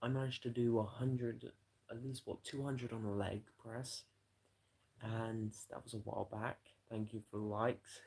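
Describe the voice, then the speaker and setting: A man's voice: medium pitch, little pitch movement, a little slow, gravelly, a little mellow, a little hiss or hum. A man, livestreaming and telling a rambling, profane story to his chat in a casual way.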